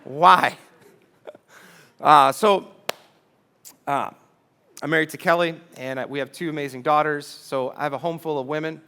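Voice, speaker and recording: A man's voice: fairly high pitch, fairly even intonation, quick pace, few pauses, a bit bright, clean tone. A middle-aged man preaching a sermon in church, talking conversationally and asking the audience rhetorical questions. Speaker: pastor.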